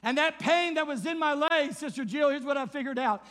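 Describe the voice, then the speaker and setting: An older man preaching a sermon, swinging from loud shouted declarations down to hushed, quiet passages. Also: very high-pitched, a little fast, big-room sound. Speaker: pastor.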